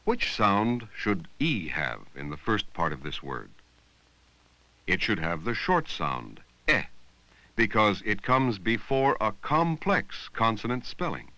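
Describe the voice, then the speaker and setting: Slow, bright-voiced man narrating a reading lesson. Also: fairly low pitch, sing-song, no room sound, rough recording. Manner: slow, deliberate, drawing out words to teach sounds. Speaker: narrator of an educational film. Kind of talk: scripted instructional narration. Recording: dry, close voice-over from an old 16mm film.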